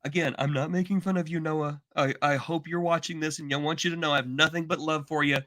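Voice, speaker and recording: A man co-hosting a podcast in casual, animated chat, exaggerating and slipping into mock voices. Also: fairly high pitch, fast. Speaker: podcast co-host.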